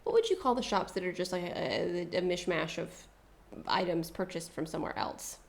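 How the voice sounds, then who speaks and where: A woman's voice: lowish voice, a little fast, creaky. A woman co-hosting a podcast, chatting casually about travel and often chiming in with agreement. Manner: supportive, frequent agreeing interjections. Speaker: podcast co-host.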